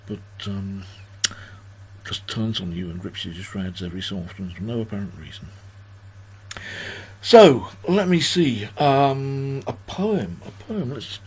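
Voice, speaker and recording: A man in his sixties hosts a livestream birthday party from home, rambling casually and poking fun at himself while reading viewers' comments aloud. His voice is fairly low, with a little hiss or hum.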